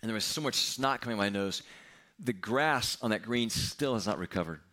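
A man's voice: fairly low pitch, expressive, bright, forceful tone. Candid, self-mocking male pastor. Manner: candid, self-mocking storytelling with quick humor. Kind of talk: sermon with personal story.

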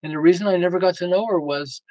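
This podcast guest is an older man with a high-pitched voice who talks fast. In casual interview storytelling, he animatedly acts out family dialogue and chuckles frequently as he shares family stories. The audio is poor, with no room sound.

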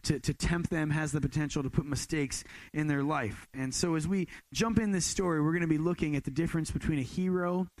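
A young man preaching in a laid-back, storytelling way, stumbling and restarting often as he jokes about himself. His voice sits a little high with a gravelly fry. The sound is close and dry, with no room echo. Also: a little fast, hardly any pauses, a little mellow. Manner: casual storytelling, self-deprecating, many restarts. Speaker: pastor. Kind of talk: sermon.

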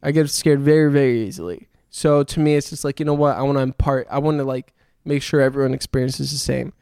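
A man's voice: medium pitch, fairly even intonation, fast talker, vocal fry, darkish tone, clean tone, no room sound, studio quality. A young man telling a long story in casual chat, swearing often and laughing as he goes.

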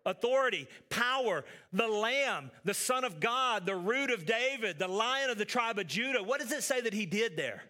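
A man preaching a sermon as pastor, building with emphatic repetition and then dropping to soft, intense tones. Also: high voice, expressive, moderate pace, few pauses.

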